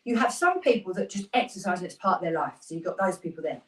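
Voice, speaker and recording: A woman's voice: fairly low pitch, expressive, quick pace. A British woman in her thirties, a fitness instructor chatting upbeat through a live workout class, with rambling asides. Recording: roomy sound, mic at a distance.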